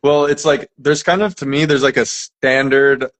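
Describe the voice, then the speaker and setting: Chatty American man, relaxed fillers. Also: mid-range voice, moderate pace. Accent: General American. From United States. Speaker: English teacher, guest. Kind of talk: casual conversation.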